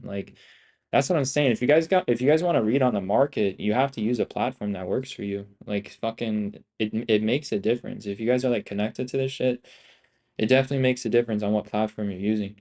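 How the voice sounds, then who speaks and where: This streaming day trader is a young man with a brisk, mid-range, darkish voice. His live commentary is loose and hyped, thick with profanity and slang, circling back on itself as he talks to "guys" and "bro" in the chat.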